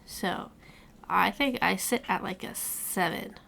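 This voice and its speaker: Woman, book club host, relaxed casual chat, gravelly vocal fry, faint hiss behind. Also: medium pitch, slow pace. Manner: relaxed, explaining the rules.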